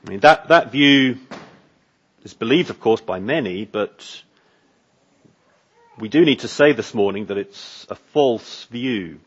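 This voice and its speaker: Slow, emphatic male preacher, husky. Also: medium pitch, expressive, fairly bright tone, dull audio. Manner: slow, emphatic preaching with rising repeated phrases. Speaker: pastor. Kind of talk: sermon.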